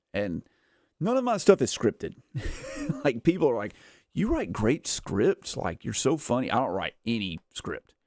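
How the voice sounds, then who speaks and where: A man in his thirties, streaming a game, rambles casually with lots of "like" and "uh," often chuckling mid-sentence. His voice sits on the low side with a darkish tone, recorded cleanly in a studio with no room sound.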